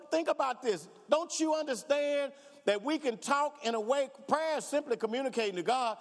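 A man preaching from the pulpit in a high, ringing voice that swells with fervor. He acts out the pleas and doubts of his congregation as he goes. The sound carries a long hall reverb. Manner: preaching with rising fervor, voicing imagined congregants and prayers. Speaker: pastor. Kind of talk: sermon.

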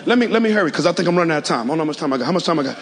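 A man preaching a sermon to a large auditorium, calling for responses and swinging from soft to shouting. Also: fairly high pitch, animated, rapid-fire, long reverb tail. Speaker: pastor.

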